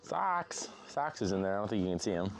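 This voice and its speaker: A man's voice: fairly low pitch, sing-song, brisk, slight background noise. A man hosting a casual vlog outdoors on a small farm, chatting along and cooing at his animals in playful baby talk. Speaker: homesteading channel host.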